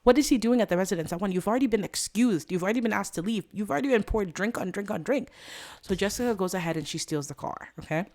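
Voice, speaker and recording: A woman hosting a let's play, narrating the gameplay as an animated, dramatic story and talking straight to viewers. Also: mid-range voice, fast talker.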